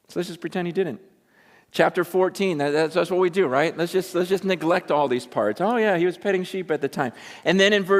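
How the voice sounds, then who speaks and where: A man's voice: high voice, normal speed. A man preaching a sermon in a conversational, emphatic way, retelling scripture in everyday speech. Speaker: pastor. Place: large meeting room with an audience. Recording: long reverb of a large hall.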